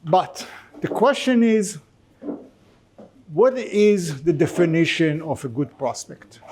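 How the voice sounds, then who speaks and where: A man's voice: fairly high pitch, a little mellow. A man giving a conversational business lecture to a class, with informal joking asides.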